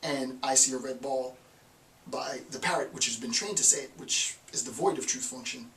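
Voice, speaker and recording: This recording, with a distant mic, echoey room, and slight hiss, captures a man giving a casual philosophy lecture. His mid-range voice is sharp in tone and moves at normal speed, and he repeats phrases for emphasis in a conversational way.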